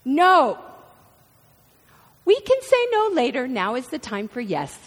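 A woman voicing a cheerful mother coaxing a child, brisk and sing-song. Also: sits high, huge pitch swings, gravelly, a little mellow, pitched above the performer's own voice, full character voice. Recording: reverberant hall.

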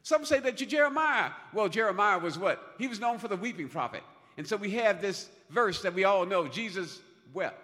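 A man preaching a sermon in a church, emphatic, repeating phrases and building to loud peaks. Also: high-pitched, lively intonation, moderate pace, hardly any pauses. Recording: long hall reverb.

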